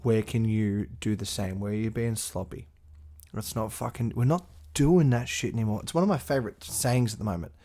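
Gravelly, sweary man. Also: on the low side, fairly quick, warm tone. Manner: blunt, sweary, fired up. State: sick. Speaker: podcast host. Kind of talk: motivational solo podcast.

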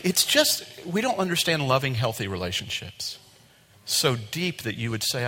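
A man preaching a sermon to his congregation in an animated way, acting out quoted voices. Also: a little high, big-room sound. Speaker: pastor. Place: church sanctuary.

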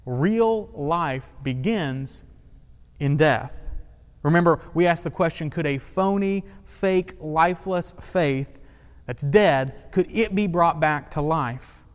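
A man's voice: on the high side, slow, in a large hall. A man preaching a sermon in a conversational way, with humor and questions to the congregation. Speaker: pastor.

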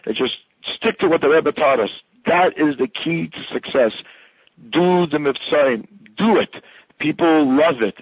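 An older man speaks with fervent conviction, his voice husky and a little breathy. He hammers points home through repetition and drops Yiddish and Hebrew phrases into his talk. The recording is dry and somewhat muffled. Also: mid-range voice, no room sound. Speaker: Chabad rabbi. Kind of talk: impassioned interview answer.

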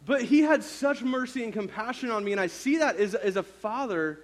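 A man's voice: high-pitched, lively intonation, fast talker, few pauses. A man in his thirties, a youth pastor, preaching a sermon through a casual personal story full of fillers.

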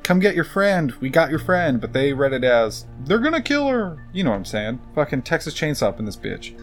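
A man giving a casual, profane movie recap, joking and rambling off on tangents. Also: medium pitch.

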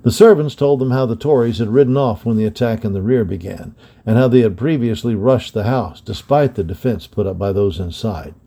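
A man reading an adventure story aloud with steady, dramatic storytelling. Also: on the low side, a little fast, creaky. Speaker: storybook reader. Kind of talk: scripted narration of an adventure story.

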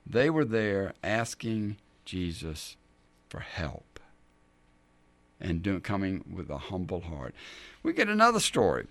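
A man hosting a Bible teaching show, telling scripture stories in an animated way and acting out the people in them. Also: deep voice, slow, gravelly, long pauses, no room sound. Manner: animated, acts out the scripture scenes in character voices. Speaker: men's ministry teacher and show host.

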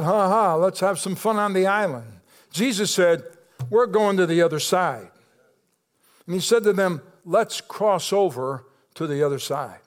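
A high-pitched male pastor delivering a sermon in church. He drops to soft, slow emphasis, then builds to rising, emphatic calls, checking in with the congregation as he goes. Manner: preaching with call-outs to the congregation.

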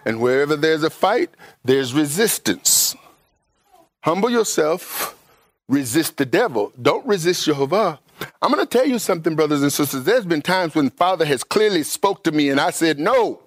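Emphatic preacher man, high-pitched bursts. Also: animated, normal speed, dry recording, studio quality. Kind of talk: sermon.

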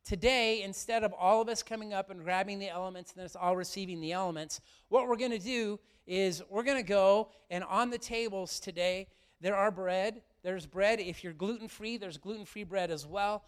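Earnest pastor, higher male voice. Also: moderate pace, few pauses, clean tone. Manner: earnest, heartfelt, speaks to congregation directly. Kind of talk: sermon. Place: church sanctuary.

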